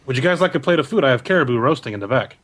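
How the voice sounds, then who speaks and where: A chatty tavern bartender in a tabletop game, voiced by a man. He talks in a confiding way, as if leaning over the bar to share a secret. His voice sits at a plain middle pitch. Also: animated, racing, a bit bright. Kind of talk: tabletop role-play improvising.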